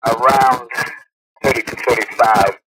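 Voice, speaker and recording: A middle-aged actor speaking in a measured, articulate way with frequent pauses, heard over a noisy phone line on an old radio broadcast. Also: male voice, mid-range voice, fairly even intonation. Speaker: actor guest. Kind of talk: phone interview. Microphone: telephone.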